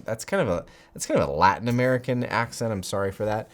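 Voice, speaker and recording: A man hosting a football fan channel, talking to camera in excited, gushing commentary and laughing often. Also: lowish voice, fast, hardly any pauses.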